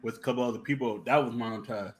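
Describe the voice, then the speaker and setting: A man's voice: mid-range voice, steady tone, fast, husky. A man on a podcast, teasing and swearing in casual banter. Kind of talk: casual chat.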